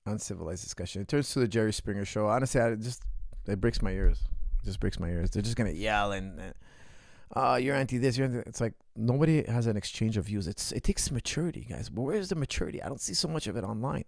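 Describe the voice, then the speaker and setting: Gravelly-voiced man, casual reaction talk. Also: lowish voice, animated, quick pace, a little mellow, no room sound, clean studio sound. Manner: talks in short repeated bursts. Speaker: martial arts coach and show host.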